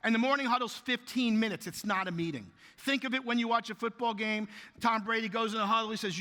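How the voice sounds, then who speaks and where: A man giving an animated, jokey keynote speech to a conference audience, telling stories and questioning the crowd. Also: sits high, fast. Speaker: keynote speaker. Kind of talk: motivational keynote storytelling. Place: large conference hall. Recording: reverberant hall, live speech.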